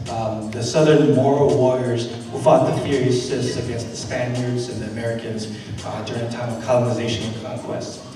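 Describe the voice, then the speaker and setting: An earnest man gives a talk in a large hall, and his fairly high voice carries a long, rolling echo. He sounds some way off from the mic. He speaks conversationally and works in a few fillers. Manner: conversational and earnest, many fillers, building to rhetorical questions. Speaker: invited speaker and educator. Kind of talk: conference talk with storytelling. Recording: echoey hall from far off.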